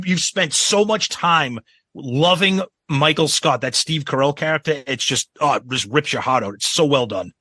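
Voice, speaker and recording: Brief: male co-host, bright edgy tone, eager, dry close mic. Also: mid-range voice, dry recording. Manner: enthusiastic, frequent agreeing "yep". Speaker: podcast co-host. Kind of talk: casual chat.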